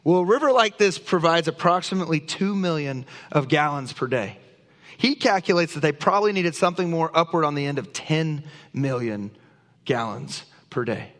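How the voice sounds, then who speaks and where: A man's voice: on the high side, lively intonation, moderate pace, a bit bright. A man preaching a sermon as pastor, reading scripture aloud and speaking with earnest emphasis. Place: church sanctuary. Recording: long church reverb.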